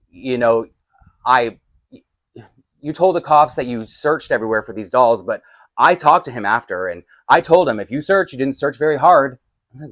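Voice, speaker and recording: A man telling a storytime vlog, acting out both sides of a heated argument and getting loud. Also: mid-range voice, no echo, clean studio sound. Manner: lots of fillers and restarts, laughs between lines. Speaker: doll collector vlogger. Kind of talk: storytime vlog, animated retelling. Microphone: desk microphone.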